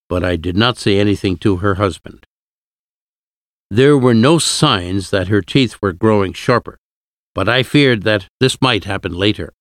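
A man narrating a storybook in a measured, deliberate reading. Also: lowish voice, dry recording, studio quality. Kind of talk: audiobook reading of a classic novel.

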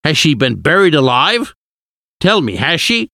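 A man's voice: medium pitch, wildly swooping pitch, unhurried, slightly rough, no echo, clean studio sound, voice pushed up, exaggerated voice. A man voicing an agitated young nobleman. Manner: anxious, rising, indignant.

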